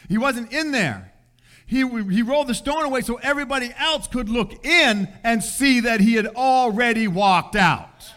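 A man with a high-pitched voice preaches a sermon in a relaxed, conversational manner. He drops into everyday slang and briefly plays the people in the story as he tells it. His delivery feels like talking with the congregation rather than lecturing them. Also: moderate pace. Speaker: pastor.

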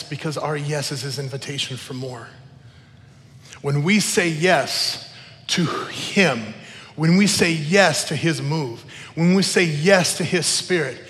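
Man, pastor, earnest emotional sermon, slightly high voice, long hall reverb. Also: bright, forceful tone. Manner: earnest, emotional preaching with spoken prayers.

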